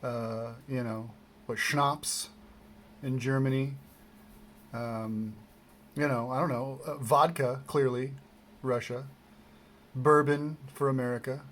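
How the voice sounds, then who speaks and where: A man rambles through an unboxing in a loose, self-deprecating way, full of ums and restarts. His voice sits at an ordinary middle pitch. A faint hiss hangs under the home recording. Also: steady tone, slow pace, pauses often, a bit bright. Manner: self-deprecating, meandering, many fillers and restarts. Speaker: vlogger.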